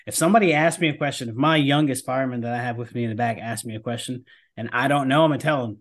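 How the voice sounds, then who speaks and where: A man's voice: mid-range voice, rapid-fire. A man hosting a podcast, himself a firefighter, speaking in an earnest, emphatic and casual way.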